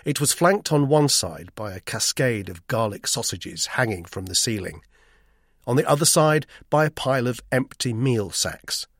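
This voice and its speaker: A male narrator reading a thriller in the first person, with lively, rising and falling intonation. His voice is husky with some gravel, and it is recorded dry and close. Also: medium pitch, normal speed, no room sound. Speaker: audiobook narrator. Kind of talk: scripted narration.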